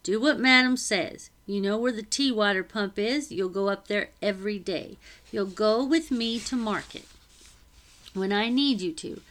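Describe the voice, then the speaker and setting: A woman's voice: mid-range voice, a bit bright, natural voice. Woman voicing a bossy chattering housekeeper. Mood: scolding. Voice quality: brisk, scolding, rough grammar.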